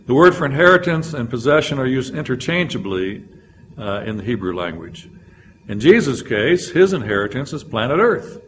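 A man's voice: medium pitch, very animated, normal speed, a bit bright, slight background noise. Man teaching a Bible lesson. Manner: explanatory, reads scripture aloud with frequent "uh" fillers. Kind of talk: classroom Bible lecture.

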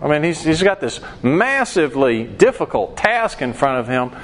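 A man's voice: on the high side, sing-song, normal speed, fairly bright tone. Conversational man teaching a Bible class. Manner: conversational, acts out quoted voices, poses questions to class. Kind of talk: Bible study lesson.

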